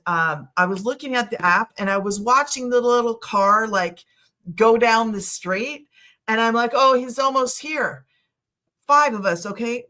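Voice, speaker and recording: A woman's voice: mid-range voice, sharp tone. A middle-aged woman hosting a casual live stream, telling a story in a rambling, chatty way full of asides. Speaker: online business host.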